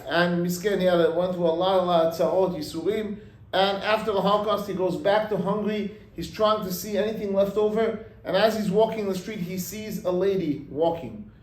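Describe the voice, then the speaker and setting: A rabbi telling a story in a sermon, acting out its voices and mixing in Hebrew and Yiddish words. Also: male voice, high-pitched, fairly quick, reverberant, poor audio. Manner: animated, acts out the voices in the story.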